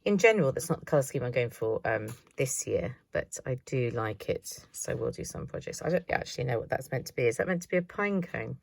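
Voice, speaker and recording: Low, gravelly woman chatting crafts. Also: lively intonation, fairly quick, few pauses, no room sound. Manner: chatty, thinks aloud, self-mocking asides. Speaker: craft vlogger. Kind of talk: casual chatty haul video.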